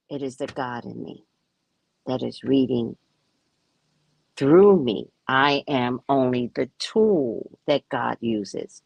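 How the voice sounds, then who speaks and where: A woman's voice: very deep voice, creaky, breathy edge, no room sound. A woman psychic reader talking casually to her viewers, emphatic and self-assured. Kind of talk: casual spiritual talk to viewers.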